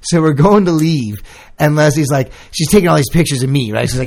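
A man's voice: fairly high pitch, fast talker. A man telling a funny story in casual podcast chat, swearing freely and acting out the moment. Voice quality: gravelly, swears freely, animated retelling. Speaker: podcast co-host.

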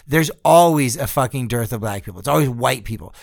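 A man's voice: medium pitch, expressive, fairly quick, creaky, no echo, studio quality. A man co-hosting a podcast, ranting in a casual, sarcastic and profane way. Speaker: podcast co-host. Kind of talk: casual chat.

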